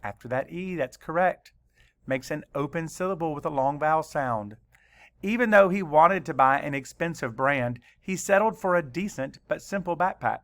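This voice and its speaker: A male teacher leading a spelling lesson for children, spelling words slowly letter by letter and adding dry asides. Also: a little high, animated.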